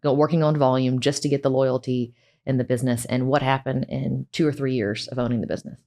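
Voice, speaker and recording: Fast-talking woman interviewing her partner. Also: very deep voice, steady tone, mellow. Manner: quick, chatty, prompting questions. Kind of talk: casual conversational interview.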